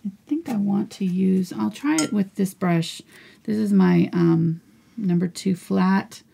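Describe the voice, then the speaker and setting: A woman teaching a live painting lesson in a breathy, soft voice, often mumbling as if talking to herself. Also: mid-range voice, unhurried, slight background noise. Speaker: painting instructor.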